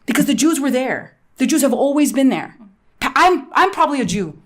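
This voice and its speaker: A woman comedian from Palestine, a guest on a podcast, talking bluntly and with animated emphasis. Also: sits high, fairly quick. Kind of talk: candid podcast interview.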